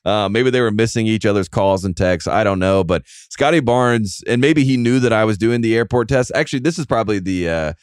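A man's voice: on the low side, fairly quick, few pauses, clear, resonant tone, no echo, studio quality. A man hosting a casual sports podcast, rambling and self-mocking, with lots of fillers and restarts. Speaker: podcast host.

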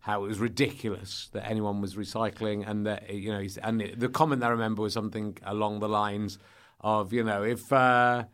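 A man chatting as a podcast guest, rambling with frequent restarts and lively bursts. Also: on the low side, fairly quick, clear, resonant tone. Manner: rambling, self-interrupting, animated. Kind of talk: casual chat.

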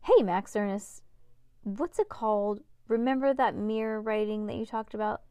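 A woman's voice: mid-range voice, normal speed, mellow, clear, resonant tone, no echo, close to an everyday voice. Woman voicing a curious schoolboy explaining at length, storybook read-aloud, dry. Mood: eager. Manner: eager, explains things at length. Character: curious, talkative schoolboy puzzle solver.

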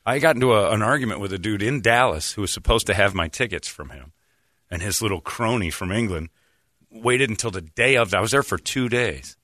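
A man's voice: lowish voice, expressive, fairly quick, bright, forceful tone, no echo, studio quality. A middle-aged man hosting a casual talk show, telling stories and acting out the voices of the people in them. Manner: storytelling, acts out voices in anecdotes. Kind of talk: casual chat.

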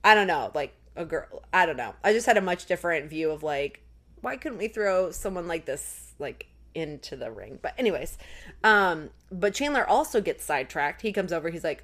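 A woman co-hosting a podcast, recapping an episode in casual chat full of "like" and quick acted-out lines. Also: fairly low pitch, animated. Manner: chatty, recounts scenes with lots of "like". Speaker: podcast co-host.

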